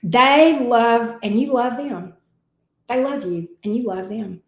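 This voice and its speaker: A woman's voice: a little high, slow, reverberant. A woman giving a casual, emotional tarot reading. She talks expressively and swears now and then. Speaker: tarot reader.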